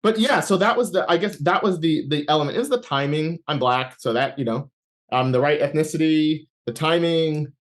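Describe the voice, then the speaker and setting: A man as an interview guest, telling a personal story in conversation with many fillers and restarts. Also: fairly high pitch. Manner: halting, many fillers and restarts, laughs while talking.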